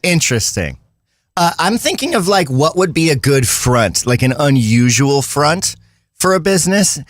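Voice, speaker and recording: A man's voice: on the high side, big pitch swings, moderate pace, dry recording, clean studio sound. A man co-hosting a podcast in casual chat, easygoing and a bit rambling. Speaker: podcast co-host.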